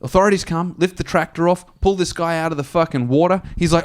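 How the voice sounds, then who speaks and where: Speaking fast in a slightly high voice, this drunk man tells crude jokes and stories on a comedy podcast. He rambles, laughs, and does voices within his tales, all in loose, crude banter and joke telling.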